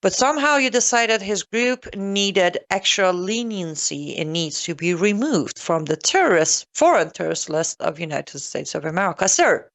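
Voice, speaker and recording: Female commentator, sarcastic and emphatic, mid-pitched voice. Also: animated, normal speed, few pauses. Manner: sarcastic, emphatic, repeats points for stress. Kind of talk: solo political commentary.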